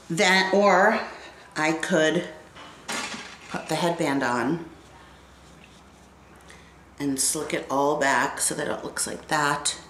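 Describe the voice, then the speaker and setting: A woman's voice: deep voice, a bit bright, reverberant, slight background noise, poor audio. A woman in her fifties, stuffy and congested, chatting casually to viewers while she styles her hair. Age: 50s. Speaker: beauty vlogger. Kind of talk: casual get-ready-with-me hair tutorial.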